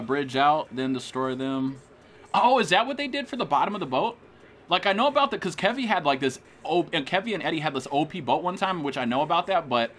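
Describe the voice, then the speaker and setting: A young American man's slightly high, fairly bright voice comes through a little hiss or hum. He's streaming gameplay live, swearing a lot and hyping up his trash talk while he chats with viewers.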